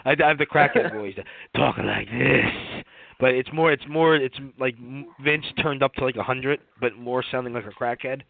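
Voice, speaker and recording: A man's voice: mid-range voice, moderate pace, gravelly, no echo. A man co-hosting a comedy podcast, chatting casually in a jokey, rambling way and laughing often. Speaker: podcast co-host. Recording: tinny phone-like line.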